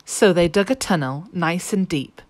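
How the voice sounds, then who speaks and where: A woman, a nursery teacher, reading a picture book aloud in a lively, expressive way. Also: on the low side, normal speed, no room sound.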